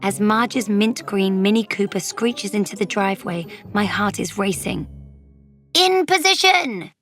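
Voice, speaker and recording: A woman narrating a children's storybook as a young girl, lively and dropping into whispers for suspense. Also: mid-range voice, moderate pace, soft background music. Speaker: audiobook narrator.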